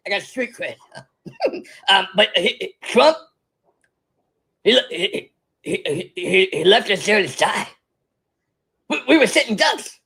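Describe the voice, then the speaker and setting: A performer puts on a drunk older stateswoman who stumbles through every sentence, stammering, giggling and losing her thread. The voice leaps all over the place and rings bright and sharp, with a husky, breathy edge. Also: mid-range voice, heavily acted. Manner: stammering, many false starts and giggles. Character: rambling tipsy older female politician, stammering. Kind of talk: comedic impression monologue.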